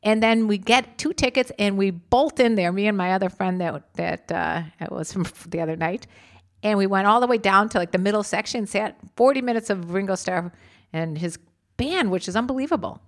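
A woman in a relaxed two-person chat, her voice sitting at an ordinary middle pitch. She tells a rambling anecdote with lots of animation. Swearing and repeated exclamations pepper her talk. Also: moderate pace. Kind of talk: casual chat.

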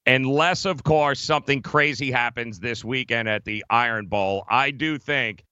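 Brief: male sports talk host, bright forceful tone, dry close sound, argumentative. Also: medium pitch, moderate pace, clean tone, no room sound, highs cut off. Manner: emphatic, argumentative, many fillers. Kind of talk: casual sports betting debate.

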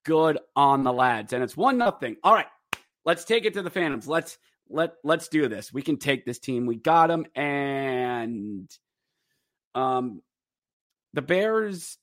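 A man hosting a podcast, giving a rambling, animated casual recap of a hockey game. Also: fairly high pitch, slow pace, no room sound, clean studio sound. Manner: rambling and animated, breaks into acted quotes. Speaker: podcast host.

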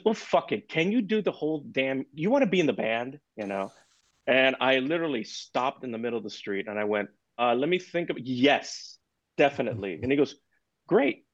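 A man in a podcast interview, telling anecdotes in an animated way and acting out the dialogue in them. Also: medium pitch, dry recording, highs cut off. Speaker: guest percussionist.

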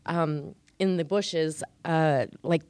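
Casual storyteller: woman raised in Canada, animated delivery, dry close sound. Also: sits low, takes it slowly, no room sound. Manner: animated, acts out quotes. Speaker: guest storyteller.

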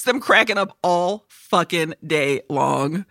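Dry bright woman telling stories. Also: sits low, a little fast, no echo. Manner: animated storyteller, swears freely, laughs often. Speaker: podcast co-host. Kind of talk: casual chat.

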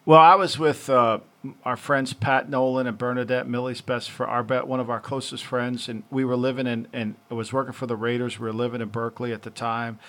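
A man's voice: medium pitch, little pitch movement, fairly quick, fairly bright tone. A man with a mid-range voice gives his views as a former football executive on a casual podcast. He rambles, repeats himself and circles back to his point. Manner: rambling, repetitive, with many restarts. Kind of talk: casual sports talk.

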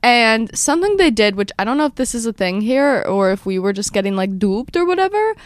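A young woman hosts a casual podcast, rushing through a story and acting out every quote. Her voice is smooth and resonant. It is recorded close and dry, with no room sound. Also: fairly high pitch, no room sound. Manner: fast, animated storyteller who acts out quotes. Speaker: podcast host.

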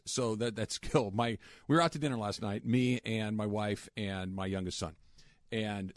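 A man's voice: on the low side, no room sound. Chatty male radio host, dry studio sound. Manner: chatty, repeats words while thinking. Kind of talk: casual radio banter. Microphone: studio mic.

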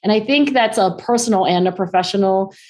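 A middle-aged woman talking as a podcast guest in a casual, animated way, with frequent laughs and fillers. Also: medium pitch, fairly quick. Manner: animated, chatty, laughs often, lots of fillers. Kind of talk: casual interview conversation.

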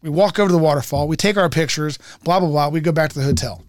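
Man, casual chat, rapid delivery, slightly high voice, swearing, animated storytelling. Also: no room sound, clean studio sound. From United States. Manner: animated, profane storytelling, acting out both sides of a dialogue.

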